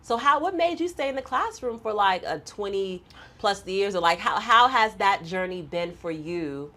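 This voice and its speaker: A woman's voice: mid-range voice, expressive, sharp tone. Friendly woman podcast host. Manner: friendly, encouraging with quick laughs. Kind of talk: casual interview hosting.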